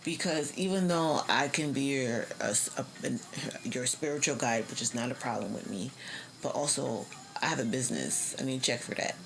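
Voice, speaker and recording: A woman's voice: extremely low pitch, a little fast, vocal fry, a little hiss or hum, poor audio. A young woman giving a casual tarot reading, slangy and profane, laughing often. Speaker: tarot reader.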